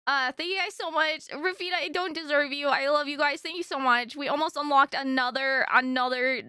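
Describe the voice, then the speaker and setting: Very high, bright-voiced woman streamer. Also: fairly even intonation, fairly quick, dry recording, clean studio sound. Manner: effusive, gushing thanks to viewers. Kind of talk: casual live-stream chat.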